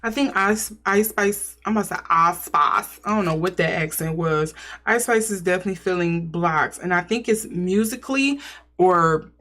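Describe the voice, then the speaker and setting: A woman's voice: fairly low pitch, normal speed, a bit bright. Woman musing through a tarot reading. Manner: musing, thinks aloud while speculating. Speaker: tarot reader. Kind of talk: casual intuitive tarot reading.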